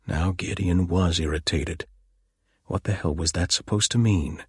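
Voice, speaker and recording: A man narrating an audiobook in a very deep voice with a husky grain. The delivery is measured and even, recorded dry and close. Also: dry recording. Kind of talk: scripted narration.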